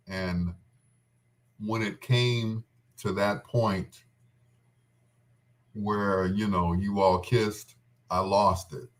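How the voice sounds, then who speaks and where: A man with a low, deep voice speaks slowly as he fondly recalls a day that moved him. His talk halts and restarts, trailing off into pauses. He is tender and close to tears. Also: fairly bright tone. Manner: tender and tearful. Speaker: friend recalling a wedding. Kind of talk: casual heartfelt reminiscing.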